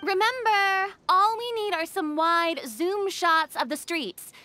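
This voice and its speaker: A woman voicing a vain, energetic young film director in a fan voice dub, talking in a bossy, theatrical way. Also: very high voice, slow pace, full character voice. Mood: commanding.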